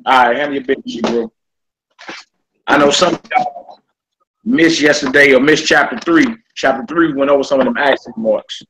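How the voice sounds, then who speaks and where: A man, teaching a live-streamed lesson in a loose, chatty way. His pitch sits in the middle range, and he talks to his viewers like family. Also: fairly even intonation, normal speed, fairly bright tone, a little hiss or hum, poor audio.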